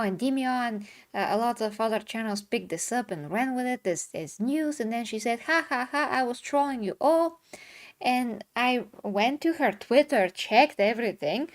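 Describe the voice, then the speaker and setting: Chatty woman hosting a discussion. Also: on the high side. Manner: rambling, restarts mid-sentence, reads viewer comments aloud. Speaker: host. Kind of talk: casual chat.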